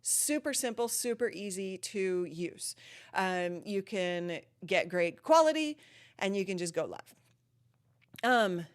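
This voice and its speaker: A woman hosting a live streaming Q&A from her home studio, chatting casually with lots of ums and laughs, a bit out of breath. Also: mid-range voice. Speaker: live streaming channel host.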